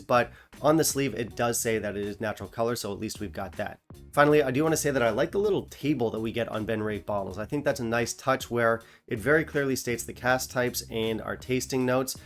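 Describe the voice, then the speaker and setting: A man talking through a whisky tasting review in a chatty, opinionated way, with joking asides. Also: mid-range voice. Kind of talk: casual review vlog.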